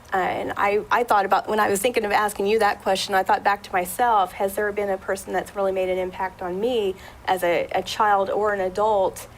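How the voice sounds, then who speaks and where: A woman audiologist talking as a guest on a local talk show, chatty, with many fillers and restarts, and animated when retelling a story. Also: mid-range voice, a little hiss or hum, low-quality recording.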